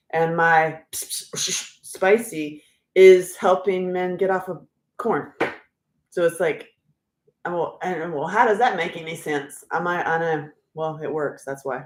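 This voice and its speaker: A woman in her fifties hosting a casual livestream, rambling and chatty and quick to laugh. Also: sits low, echoey room. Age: 50s. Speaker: livestream host and author.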